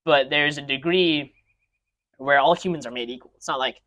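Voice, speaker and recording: A man with a higher, fairly bright voice rants at a moderate pace while chatting casually with friends as a podcast co-host. His talk rambles, full of restarts and filler words.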